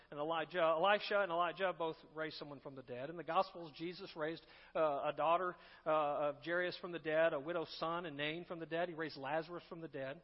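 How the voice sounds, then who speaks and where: Man preaching in a conversational style, high voice, long reverb. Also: lo-fi sound. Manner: conversational, with asides and restarts. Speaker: pastor. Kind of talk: sermon.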